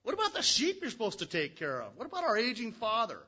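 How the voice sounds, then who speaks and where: A man's voice: medium pitch, very animated, fairly quick, a bit bright, slightly rough, highs cut off, exaggerated voice. A man voicing mocking, irritated older brothers in a sermon retelling of a Bible story. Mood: scornful. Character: scornful older brothers, young men.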